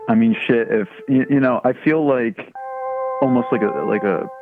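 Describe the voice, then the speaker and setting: A man's voice: medium pitch, normal speed. A man from Philadelphia with a Philly accent, calling in and rambling in a profane, casual way. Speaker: caller. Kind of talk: casual call-in chat. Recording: tinny phone-like line with faint music.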